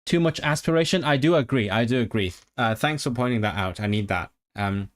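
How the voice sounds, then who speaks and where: A man's voice: mid-range voice, fairly quick, few pauses. A man streaming live, repeating sounds over and over as he practices rolled Rs and chats with viewers. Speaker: language-learning streamer. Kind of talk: casual livestream practice.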